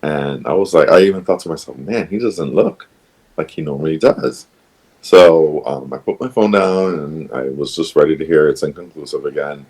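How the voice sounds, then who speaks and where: Man with a super deep low voice, talking slow and halting on a podcast, lots of ums. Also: a little mellow, breathy edge, poor audio. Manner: hesitant, many ums and restarts, emotional retelling. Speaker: podcast guest. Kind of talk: personal storytelling in a podcast conversation.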